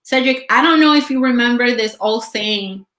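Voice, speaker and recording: A woman's voice: on the high side, normal speed, fairly bright tone. A woman co-hosting a motivational talk, speaking in an upbeat, encouraging way. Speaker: co-host. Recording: echoey room.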